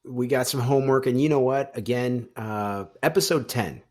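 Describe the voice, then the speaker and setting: A man's voice: mid-range voice, moderate pace, a little mellow. A man co-hosting a casual sports podcast in a laid-back, rambling way, speaking into a studio microphone. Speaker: podcast co-host.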